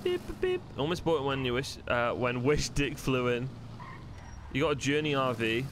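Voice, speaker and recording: A man's voice: medium pitch, fairly even intonation, moderate pace, a bit bright, a little hiss or hum. Rambling, swearing male streamer. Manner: rambling, swears freely, thinks aloud. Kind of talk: live-streamed roleplay gameplay chat.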